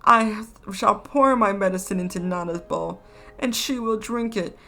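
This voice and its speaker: Brief: woman reading sulky, blustering Edwardian-style dad, grumbling with a gravelly edge. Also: medium pitch, unhurried, bright, forceful tone, pitched above the performer's own voice. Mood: wheedling. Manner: blustering and petulant. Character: pompous, sulky middle-aged father.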